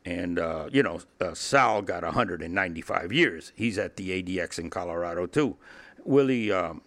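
A man's voice: deep voice, lively intonation, moderate pace, a bit bright. An older man from Cuba, a guest in an interview, telling his story bluntly with profanity, frequent laughs and repeated words. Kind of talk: candid storytelling in a podcast interview.

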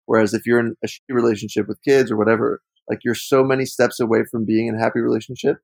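A man's voice: mid-range voice, little pitch movement, fast, creaky, darkish tone, dry recording, rough recording. A man in his thirties co-hosting a casual podcast, talking in a reflective, frank way with plenty of "like" fillers. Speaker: podcast co-host.

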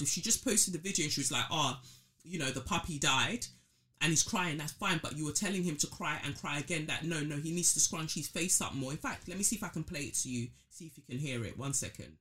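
A woman's voice: low voice, a bit bright. A woman hosting a podcast, talking through her thoughts casually with many fillers and restarts. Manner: reflective, thinking aloud with many fillers. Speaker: podcast host. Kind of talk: casual solo commentary.

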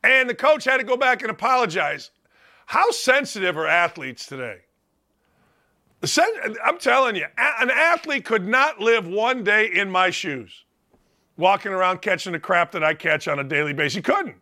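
High-voiced guy ranting on his sports talk show, super animated, loud. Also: moderate pace. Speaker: sports talk radio host. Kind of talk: opinionated sports talk monologue.

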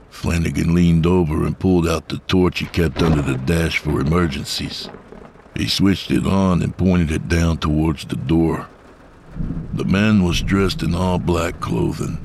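Very deep, gravelly male narrator. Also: darkish tone, a little hiss or hum. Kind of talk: scripted horror story narration.

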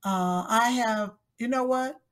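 A teasing woman co-host with a slightly high voice, laughing easily through a casual chat. She speaks plainly, with no put-on voice. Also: slow pace.

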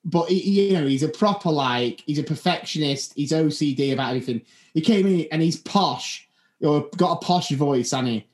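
A man's voice: on the high side, moderate pace. A man co-hosting a podcast, rambling through funny anecdotes with lots of restarts. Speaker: podcast co-host. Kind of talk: casual chat. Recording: roomy echo.

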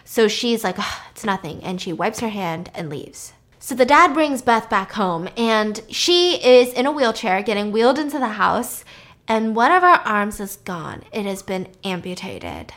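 A woman casually recapping a story in an animated, chatty way, laughing now and then. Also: mid-range voice, a little slow.

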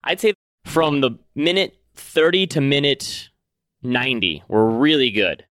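A man co-hosting a podcast in casual chat, relaxed and chatty with lots of fillers. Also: medium pitch, unhurried, dry recording, studio quality. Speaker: podcast co-host.

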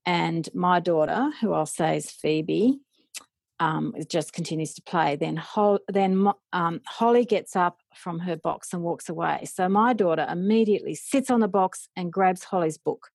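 Low gravelly woman telling parenting stories. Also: a little slow, dry recording. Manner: animated, acts out remembered dialogue. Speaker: parent educator. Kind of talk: storytelling in a podcast interview.

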